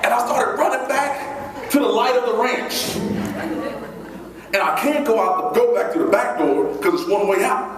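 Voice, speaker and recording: Motivational speaker, male, high and very animated storyteller; booming hall echo, recorded from afar. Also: moderate pace, a crowd in the background. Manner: animated storyteller acting out scenes, high squeals for his child self. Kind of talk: storytelling keynote speech. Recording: echoey hall recorded from far off.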